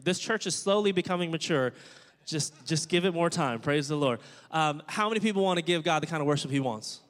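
A man preaching a sermon as pastor, energetic and joking, calling on the congregation to respond. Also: on the high side, a little fast. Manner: jokey, playful asides. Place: church sanctuary. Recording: long church-hall reverb.

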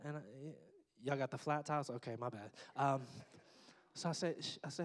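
Speaking a little high and a little fast, a middle-aged pastor delivers a sermon in a conversational style, cracking jokes to the congregation on the side. The church sanctuary gives the recording a long hall reverb.

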